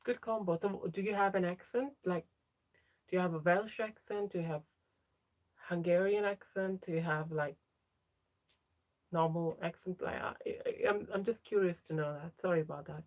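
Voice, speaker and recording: A woman's voice: lowish voice, normal speed. A young trans woman hosting a casual livestream, chatting as she reads out viewer names and answers their comments. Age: young adult. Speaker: livestream host.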